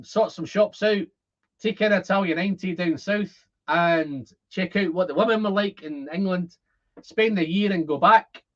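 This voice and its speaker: Hosting a relaxed whisky livestream, this high-pitched Scotsman in his fifties reads viewer comments and chats freely. He's rambling and talkative, repeating words as he works through his thoughts out loud, over dull, lo-fi stream audio.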